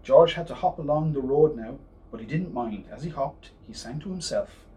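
A man reading a children's picture book aloud as a storyteller, in a lively, expressive way. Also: mid-range voice, moderate pace. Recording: distant mic, faint hiss.

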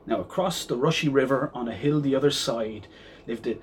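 A man's voice: medium pitch, brisk, slight background noise. A man reading a children's rhyming picture book aloud in a rhythmic storytelling manner.

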